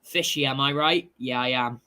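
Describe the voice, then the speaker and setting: Bright-voiced, excitable male football host. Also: mid-range voice, normal speed, clear, resonant tone. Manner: excitable and jokey, shouts over goals. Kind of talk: casual live football chat.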